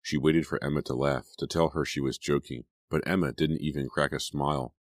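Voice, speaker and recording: A man reading an audiobook in scripted narration, telling the story in a measured way. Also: a bass voice, fairly even intonation, no room sound, clean studio sound.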